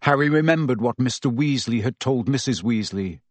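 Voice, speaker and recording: A man reading a story aloud as narrator, in an expressive and dramatic style. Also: medium pitch, moderate pace, no room sound. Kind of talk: audiobook narration.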